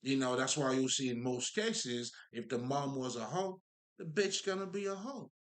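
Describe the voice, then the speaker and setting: At normal speed and medium pitch, a male spiritual talker rambles casually about spiritual matters. He swears, stresses his points hard, and scatters fillers and asides to his audience throughout.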